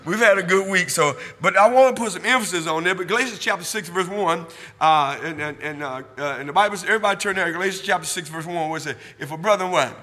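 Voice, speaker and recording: A man preaching a sermon in church, drawing call and response from the congregation, repeating himself and building from quiet talk to loud shouting. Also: sits high, fast talker, big-room sound. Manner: repetitive, asks the church for amens. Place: church sanctuary.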